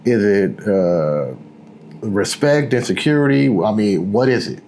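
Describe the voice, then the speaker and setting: A man's voice: fairly low pitch, animated, measured pace, darkish tone, slight background noise. A man in his forties co-hosting a casual chat show, laid-back and repeating words as he talks. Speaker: co-host.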